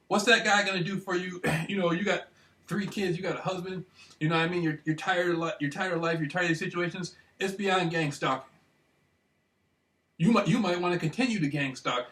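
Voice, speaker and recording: A man talking casually to camera, animated and repetitive, swinging between loud bursts and hushed murmurs. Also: a little high, far from the mic. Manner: animated, repetitive, keeps asking "you know what I mean". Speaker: vlogger. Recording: echoey room, voice off-mic.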